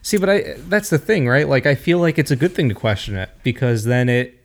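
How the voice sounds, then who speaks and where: A man co-hosting a casual chat about fighting, thoughtful and often pausing to find his words. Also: medium pitch, big pitch swings. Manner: thoughtful, hesitant, searches for words. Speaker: co-host.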